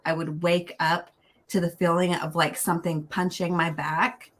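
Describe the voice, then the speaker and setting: A woman on a livestream rambling excitedly through a haunting story, full of "like". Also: on the low side, moderate pace. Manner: rambling, filler-heavy, excitable. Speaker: guest on a livestream. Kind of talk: casual storytelling chat.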